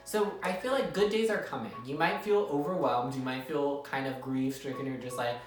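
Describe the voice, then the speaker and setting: A woman with a bass voice speaks at normal speed, with faint music behind her, recorded in an echoey room with the mic at a distance. She gives viewers a casual tarot reading, chatty and repetitive, often checking in with "okay?".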